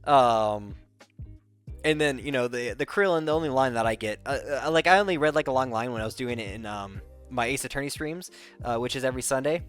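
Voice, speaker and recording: A man's voice: medium pitch, brisk, fairly bright tone, clean tone. A man telling a rambling, casual recap, full of fillers, restarts and laughter. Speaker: content creator. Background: faint background music.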